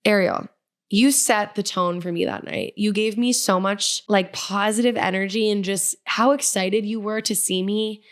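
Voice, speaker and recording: A woman's voice: medium pitch, fairly even intonation, moderate pace. A young woman hosting her solo podcast, talking casually and earnestly, gushing and upbeat as she encourages her listeners. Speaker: podcast host, independent musician. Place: Nashville.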